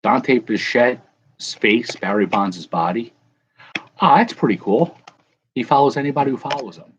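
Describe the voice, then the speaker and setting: A man's voice: mid-range voice, measured pace, dull audio, a little hiss or hum. A man hosting a casual live chat, rambling and correcting himself as he answers viewers. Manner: rambling, self-correcting, chuckling. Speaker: livestream host.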